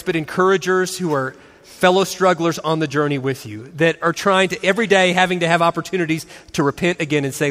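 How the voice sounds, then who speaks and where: Animated man in his forties, high voice, long reverb, storytelling talk with acted voices. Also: brisk. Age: 40s. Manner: animated, acts out voices and laughs often. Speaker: christian speaker and husband.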